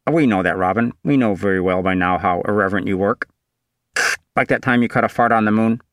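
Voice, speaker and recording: A man's voice: lowish voice, brisk, a bit bright, dry recording. Man doing a wry mission control voice. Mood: teasing. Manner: wry, ribbing.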